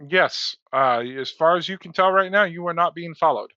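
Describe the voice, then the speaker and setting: A man narrating a tabletop game as game master, relaxed and hesitant with many fillers, heard over a dull online call. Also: fairly high pitch, normal speed, no echo.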